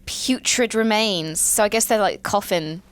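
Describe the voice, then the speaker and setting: A woman's voice: medium pitch, unhurried. A woman hosting a horror game playthrough, chatting playfully and reading diary entries aloud theatrically. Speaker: let's play host. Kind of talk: casual game commentary with dramatic read-outs.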